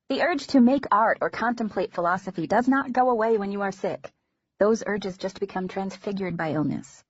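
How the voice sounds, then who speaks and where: A woman narrating an audiobook in a measured, intimate first-person reading. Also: medium pitch, breathy edge, dry recording. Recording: dull lo-fi recording.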